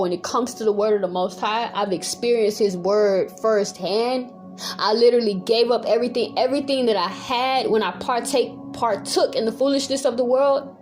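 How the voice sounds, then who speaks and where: A woman Bible teacher, preaching a fiery home sermon that moves from calm talk to yelling with zeal. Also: a little high. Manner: zealous, swings from calm to yelling.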